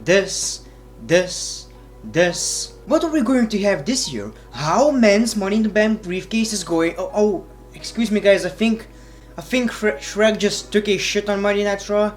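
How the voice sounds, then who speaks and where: A man's voice: sits high, moderate pace, faint music behind. A man reviewing wrestling in a blunt, sarcastic, profane way, casual vlog style.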